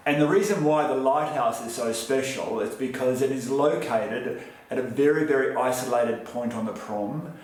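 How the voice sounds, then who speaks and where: A man's voice: mid-range voice, moderate pace, a little mellow. A man with an Australian accent co-hosting a casual vlog chat with dry, wry humor. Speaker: vlog co-host. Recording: very echoey room with faint noise.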